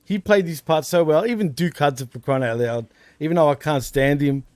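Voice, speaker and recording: This Australian man co-hosts a podcast, trading easygoing wrestling banter and addressing people as dude and bro. He speaks briskly in a fairly high voice with a darkish, clear, resonant tone, and there's no echo.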